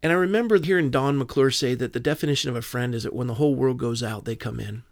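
Man, interview guest, brisk earnest storyteller, dry close mic. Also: medium pitch, no room sound. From Southern California. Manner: earnest storyteller, quotes dialogue. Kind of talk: personal testimony in an interview.

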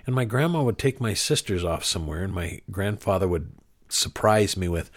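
A man's voice: deep voice, animated, moderate pace. A man telling anecdotes as an interview guest, chuckling now and then. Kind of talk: casual storytelling.

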